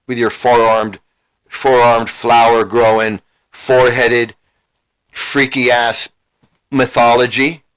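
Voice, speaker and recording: A man's voice: mid-range voice, little pitch movement, takes it slowly, pauses often, fairly bright tone, clean tone, rough recording. A man ranting as a YouTube commentator, heated and profane, repeating himself as he confronts viewers. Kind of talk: angry rant to a live chat.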